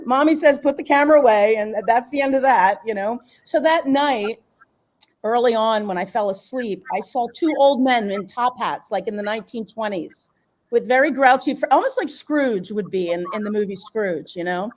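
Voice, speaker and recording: A middle-aged woman, a guest on an interview show, tells a long personal story in a lively, rambling way. She often restarts and repeats her words and breaks into laughter. Her voice sits slightly higher than most women's. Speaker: guest author and healer.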